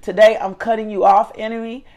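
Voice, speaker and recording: A woman's voice: medium pitch, level tone, a little fast, darkish tone. A middle-aged woman hosting a faith talk show, preaching with fervent, emphatic repetition. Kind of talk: preaching, motivational devotional talk. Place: her living room.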